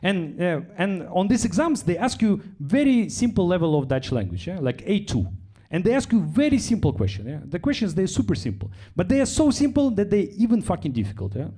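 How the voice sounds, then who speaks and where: Young Russian-accented comic, high, animated delivery, drops into a flat low voice for quoted lines. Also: male voice, brisk, few pauses. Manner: chatty, tags lines with "yeah?". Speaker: stand-up comedian. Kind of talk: stand-up set. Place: comedy club stage.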